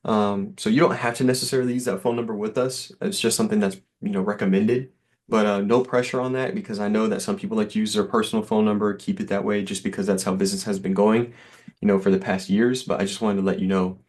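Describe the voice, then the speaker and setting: A man's voice: fairly low pitch, fairly even intonation, fast talker, darkish tone. A man giving an easygoing, reassuring sales demo over a call, with lots of fillers. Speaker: software sales rep.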